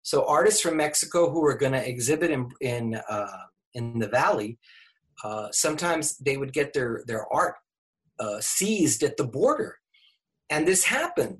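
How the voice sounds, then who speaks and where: Older male professor guest, animated storyteller, plenty of ums and restarts. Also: fairly high pitch. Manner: animated, laughing, many fillers and restarts. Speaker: English professor and author. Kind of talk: storytelling in an interview.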